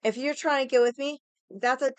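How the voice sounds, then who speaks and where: A woman's voice: high voice, brisk, clear, resonant tone, no echo. A young adult woman ranting casually to her stream, swearing a lot and sounding exasperated. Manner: profane, exasperated, mocks others in quoted voices. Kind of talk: casual venting rant.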